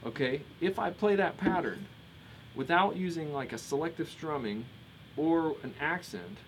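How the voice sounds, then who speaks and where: A man's voice: a little high, expressive, moderate pace, a little hiss or hum, low-quality recording. A man teaching guitar in a casual live-streamed lesson, explaining a strumming pattern and counting beats aloud. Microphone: streaming mic through a compressor. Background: his own strummed acoustic guitar.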